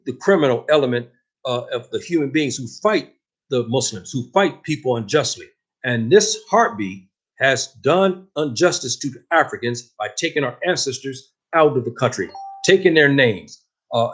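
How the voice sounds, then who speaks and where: A man with a husky, slightly rough voice delivering a religious lesson. He preaches with passion and drives his points home with heavy emphasis. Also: medium pitch. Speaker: Islamic teacher.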